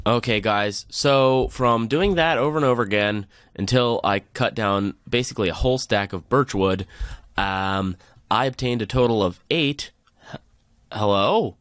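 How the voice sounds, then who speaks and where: A man's voice: mid-range voice, fairly bright tone, no room sound. A man hosting a let's play, chatting and cheering or groaning at the game as he plays. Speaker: gaming channel host.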